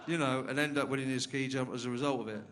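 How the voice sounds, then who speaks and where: A man's voice: mid-range voice, fairly even intonation, quick pace, noisy background. Dry-joking comedy club compere, a man. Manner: dry crowd banter, rising to loud introductions. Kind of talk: stand-up compering.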